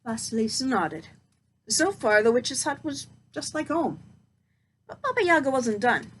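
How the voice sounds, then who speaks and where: A woman with a higher voice reads a fairy tale aloud, expressive and slowing down for the tense moments. A faint hiss runs under the recording. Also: poor audio. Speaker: storyteller. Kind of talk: storybook read-aloud.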